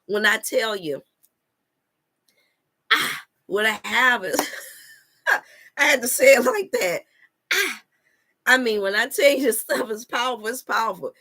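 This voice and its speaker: Woman preaching on a live stream, kinda high bright voice, keeps repeating her points, talks to her viewers as y'all. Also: lively intonation, moderate pace, long pauses. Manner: repetitive, emphatic preaching with scripture references; addresses viewers as y'all and you all. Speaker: wellness coach and channel host.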